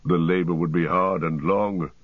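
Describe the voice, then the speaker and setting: A man doing a blunt, practical dwarf warrior, deep and direct. The voice pushes forward with urgency, in a dry and slightly muffled audiobook sound. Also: fairly even intonation, moderate pace, no echo.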